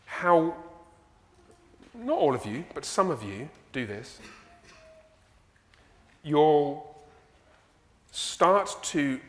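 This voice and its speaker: A man with an English accent preaching a sermon as pastor, animated and conversational, full of rhetorical questions. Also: on the high side, big-room sound. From England. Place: church sanctuary.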